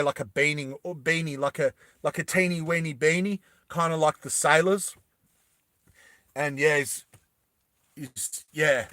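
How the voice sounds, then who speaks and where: Rambling, excitable young man. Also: fairly high pitch, dry recording, studio quality. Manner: rambling, self-correcting, excitable. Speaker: animated film creator. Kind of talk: casual storytelling to viewers.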